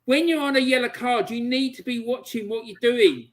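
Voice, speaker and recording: A man's voice: very high-pitched, moderate pace. A man calling in as a guest on a fan stream, fuming and ranting about his team's manager. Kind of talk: heated football fan rant.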